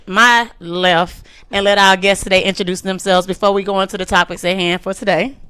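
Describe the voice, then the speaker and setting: A woman's voice: medium pitch, steady tone, fairly quick, sharp tone, clean tone. A woman hosting a radio talk show, chatty and loose, cheering her guests on. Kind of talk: casual radio panel talk.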